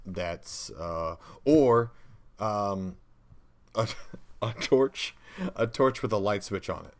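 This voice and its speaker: Low-voiced animated male co-host. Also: takes it slowly. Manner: animated, rambling, laughs often. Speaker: podcast co-host. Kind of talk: casual brainstorming chat.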